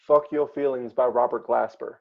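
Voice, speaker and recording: A man's voice: mid-range voice, gravelly, phone-quality sound. A man co-hosting a casual chat, talking hesitantly with many ums and uhs. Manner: hesitant, many fillers while reading lists. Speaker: podcast co-host.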